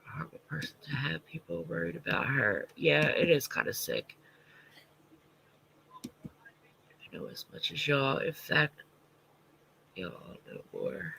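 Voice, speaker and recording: Gravelly, sharp-voiced congested man. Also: fairly high pitch, big pitch swings, slow, pauses often, slight background noise, poor audio. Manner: responds to viewer comments, blunt and profane. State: congested, stuffy nose. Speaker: livestream host. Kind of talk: casual livestream chat.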